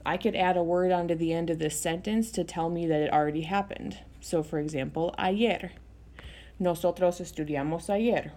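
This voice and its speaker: A woman's voice: sits low, darkish tone. A young adult woman teaching Spanish in a recorded video lesson, explaining step by step in a patient way with frequent ums.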